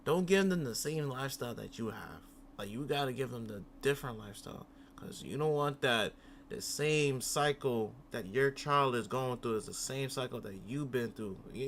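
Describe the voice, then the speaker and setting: A man's voice: medium pitch, a bit bright, a little hiss or hum. A young man hosting a reaction channel, talking casually in a rambling way, often repeating himself and swearing.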